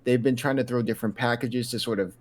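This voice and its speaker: A man giving relaxed, joking color commentary on a streamed college football video game. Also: medium pitch, fast.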